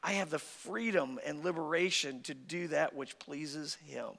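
A man's voice: a little high, a little slow, gravelly, a bit bright, big-room sound. A male pastor preaching a sermon with great passion, his voice rising and dropping, recorded in a church sanctuary.

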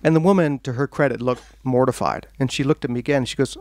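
A man giving an author talk at a bookstore, telling a lively anecdote to an audience and laughing along with it. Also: medium pitch, fast, a little hiss or hum. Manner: animated anecdote-telling, laughing at his own story. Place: bookstore event room.

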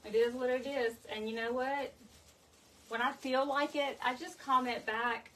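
A woman's voice: sits high, steady tone, a little slow, fairly bright tone, a little hiss or hum. A woman hosting a chatty livestream wreath-making tutorial from her home craft room, greeting viewers by name as she works. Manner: talkative, chats with live viewers by name.

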